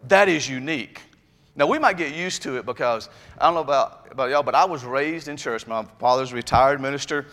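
A man preaching a sermon to his congregation, chatty and folksy, building up to loud emphatic stretches. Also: medium pitch, fairly quick. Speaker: pastor. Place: church sanctuary. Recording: long reverb of a church hall.

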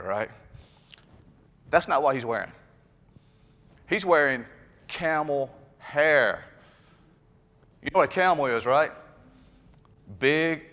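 A man delivers a sermon in a slightly higher voice. His delivery is conversational and folksy, and it swells into emphatic, raised passages. The sound carries a long church-hall reverb. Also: pushed and bright. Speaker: pastor. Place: church sanctuary.

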